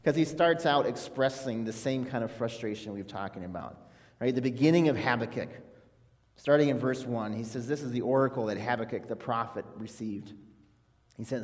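A man's voice: medium pitch, moderate pace, darkish tone. A man preaching an earnest, conversational sermon as a pastor, with frequent restarts. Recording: long hall reverb.

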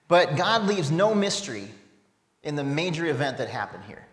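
A man's voice: fairly high pitch, expressive, fairly quick. A man preaching a sermon, reading scripture aloud and asking reflective, rhetorical questions. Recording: echoey hall with long reverb.

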